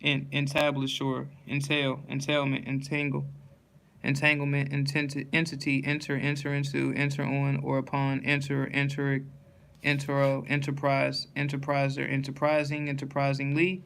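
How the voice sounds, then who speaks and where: A man reading dictionary entries aloud one by one in a steady list, stumbling and restarting on hard words. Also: mid-range voice, normal speed, creaky.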